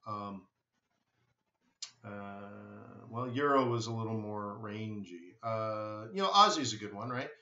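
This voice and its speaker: This forex webinar host speaks slowly in a lowish male voice, with lively intonation and a sharp edge. Running a live trading stream, he responds to viewers in a blunt, emphatic way and keeps repeating himself. The audio is lo-fi and dull, with room echo.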